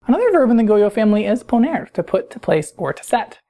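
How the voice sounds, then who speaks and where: A woman's voice: on the high side, very animated, fast talker, warm tone. A woman teaching a recorded grammar lesson, patient and explanatory, often putting questions to the listener. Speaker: Spanish teacher.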